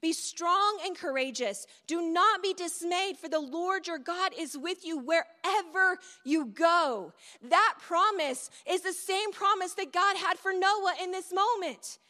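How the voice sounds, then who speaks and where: A woman's voice: extremely high pitch, a little slow, hardly any pauses, pushed and bright. A middle-aged woman preaching a sermon in a conversational storytelling way, with asides to the audience. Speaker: speaker at a church event. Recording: long hall reverb.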